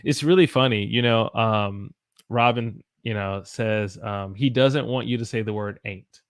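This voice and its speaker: A man's voice: on the low side, a little slow, no room sound, clean studio sound. A man from the Southern United States with a Southern accent, teaching English casually on a livestream, reading viewer comments and demonstrating how he talks. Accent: Southern American. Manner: chatty, reads viewer comments aloud, demonstrates pronunciation.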